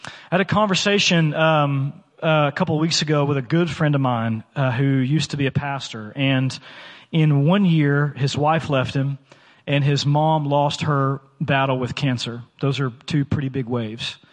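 A man's voice: on the high side, fairly even intonation, normal speed, long reverb tail. A man in his thirties preaching a sermon as a church pastor, talking in a conversational, earnest way with many fillers and restarts. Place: church sanctuary.

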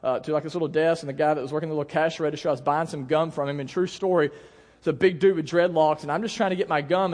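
A young man preaching a sermon to his congregation in a conversational, animated way, asking the crowd questions and telling stories. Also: fairly high pitch, quick pace. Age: young adult. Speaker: pastor. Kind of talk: sermon with storytelling. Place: church hall. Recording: long hall reverb.

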